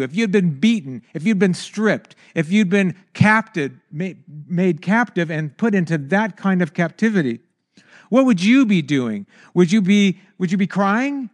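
A man preaching a sermon in an animated way, stammering when excited and breaking into anguished high cries. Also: no room sound, studio quality.

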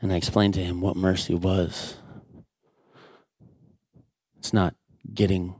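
Low-voiced man telling a church story. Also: slow pace, no room sound, clean studio sound. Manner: animated storytelling, acts out his own raised dad voice. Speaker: church speaker. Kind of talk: sermon storytelling.

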